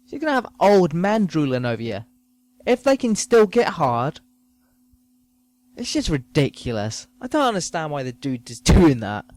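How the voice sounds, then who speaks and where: A man's voice: fairly high pitch, sing-song, moderate pace, darkish tone. Crude rambling podcast man. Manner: crude, rambling, self-mocking. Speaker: podcast host. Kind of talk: rambling comic monologue.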